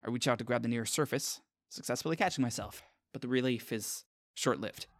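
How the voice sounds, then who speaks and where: A man's voice: medium pitch, fairly quick, a little hiss or hum. A man giving scripted first-person narration as an earnest, self-conscious inner monologue.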